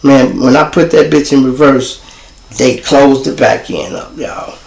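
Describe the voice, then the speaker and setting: Gravelly-voiced Chicago man telling a story. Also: medium pitch, unhurried, reverberant, noisy background. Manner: profane, animated, acts out quoted voices. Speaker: livestream show host. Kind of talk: casual storytelling to viewers.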